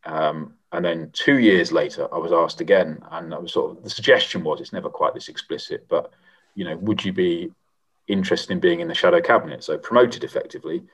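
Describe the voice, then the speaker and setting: A middle-aged man, a former member of parliament, answering interview questions in a measured, reflective way with frequent pauses and restarts. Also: sits low, fairly bright tone, husky. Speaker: former MP, guest.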